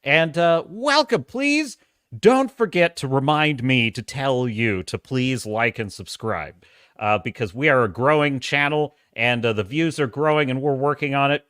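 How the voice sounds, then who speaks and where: Animated, bright-voiced male stream host. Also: mid-range voice, measured pace, clear, resonant tone, dry recording, studio quality. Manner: animated, laughing often, reads chat aloud. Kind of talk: casual live-stream commentary.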